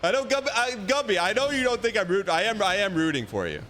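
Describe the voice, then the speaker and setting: A man in his thirties with a high voice hosts a livestream in casual chat. He rambles animatedly and protests in a mock-defensive way. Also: big pitch swings, fast, a bit bright, slight background noise. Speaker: livestream host.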